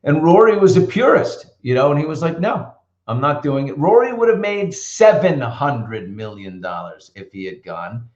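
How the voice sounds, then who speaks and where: A middle-aged man hosting a casual live show, telling stories in an animated, opinionated way. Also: fairly high pitch, moderate pace, hardly any pauses, roomy sound, highs cut off. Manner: chatty storyteller, animated and opinionated. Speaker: host. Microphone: computer mic.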